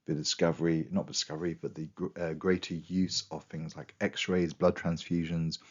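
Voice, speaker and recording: A man talks through a revision lesson in a very deep voice. His speech is chatty and full of quoted asides, and his voice is going hoarse. The recording sounds a little dull and muffled. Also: little pitch movement, moderate pace, darkish tone. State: losing his voice. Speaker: history teacher.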